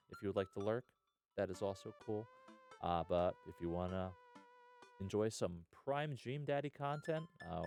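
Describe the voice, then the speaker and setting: A man's voice: mid-range voice, darkish tone. A man streaming live, chatting casually and rambling with viewers, dropping lots of "uh" and "hell yeah".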